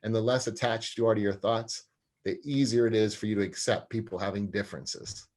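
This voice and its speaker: As an interview guest, an anger management specialist and sports psychologist talks earnestly and mimics quoted voices. He has a lowish, darkish voice with a steady tone and speaks a little fast.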